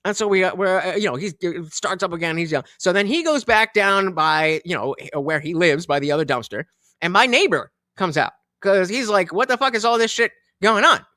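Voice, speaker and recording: A man tells a story on his live show, and his pitch leaps around as he acts out both sides of a shouting match. His voice is bright, with lots of swearing and false starts. It is recorded dry and close to the mic. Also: fairly quick, no room sound. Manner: animated, profane, acts out both sides of an argument, many restarts. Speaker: streamer host. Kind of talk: casual storytelling rant.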